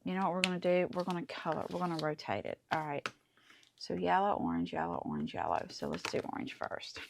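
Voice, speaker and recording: A woman's voice: on the low side, animated, fast, gravelly, background noise. A woman hosting a casual crafting tutorial, chatty and enthusiastic as she talks through each step. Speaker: crafting channel host.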